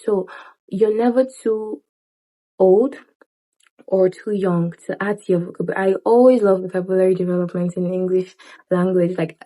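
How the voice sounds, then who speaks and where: A young woman talks straight to her viewers in an easy, chatty style. Her voice is mellow and soft-edged, never sharp. She jumps into quick playful asides and laughs at herself as she goes. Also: fairly low pitch, rough recording. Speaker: lifestyle vlogger. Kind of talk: casual advice talk to camera.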